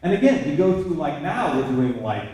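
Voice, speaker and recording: A man on a convention panel telling a story in an animated way and acting out what others said. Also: a little high, moderate pace. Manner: animated storyteller, acts out quoted exchanges. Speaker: voice actor panelist. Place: large echoey convention hall. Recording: echoey hall from far off.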